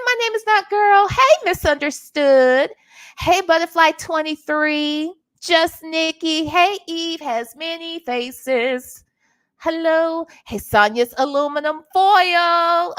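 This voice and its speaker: A woman hosting a live stream, with a high voice that stays up in her register. She talks in an unhurried, drawn-out way, greeting her chat and tossing in emphatic asides. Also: a bit bright. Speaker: livestream host.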